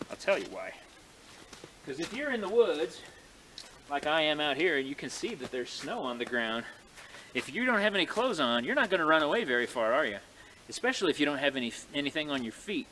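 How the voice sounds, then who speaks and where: A man telling a frontier tale in a folksy, animated way, speaking to his audience outdoors in snowy woods. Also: fairly high pitch, normal speed, slight background noise. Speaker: living history storyteller. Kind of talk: folksy oral storytelling.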